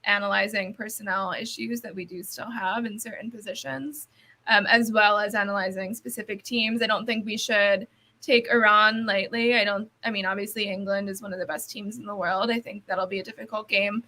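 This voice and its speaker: A woman's voice: medium pitch, steady tone, fairly quick, bright, forceful tone. A woman guest on a sports podcast, a soccer writer chatting casually and thoughtfully, hedging with fillers and laughing easily.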